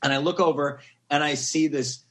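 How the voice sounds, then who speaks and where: A man on a podcast as a guest, telling an animated story in a rambling, excitable way and laughing often. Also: on the high side, moderate pace.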